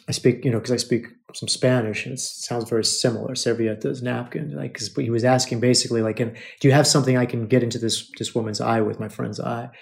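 Heard here is a man from the United States with a mid-range voice and noticeable vocal fry. He hosts a podcast, recounting something personal to listeners in an emotional, repetitive style while calling them brothers.

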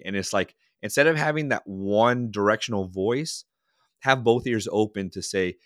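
A leadership consultant appears as a guest on an interview podcast, speaking casually in a lowish voice at a moderate pace. He's an animated storyteller who acts out the voices and dialogue of people in his stories. The audio is studio quality with no room sound.

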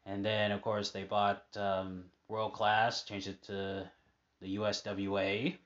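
A man's voice: on the low side, level tone, slow pace, a bit bright, highs cut off. A man casually chatting over old match footage, rambling with many fillers and asides. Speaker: fan commentating on old matches.

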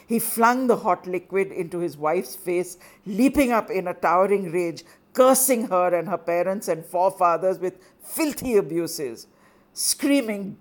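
A woman telling a story dramatically and with measured delivery. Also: fairly low pitch. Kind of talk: oral storytelling performance.

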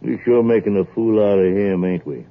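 Play a cruel country man, as an actor does: low, gloating, folksy, in a phone-thin 1940s radio broadcast. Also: normal speed, close to an everyday voice. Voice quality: folksy ungrammatical drawl. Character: mean coarse rural man, gloating and cruel. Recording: tinny old radio broadcast.

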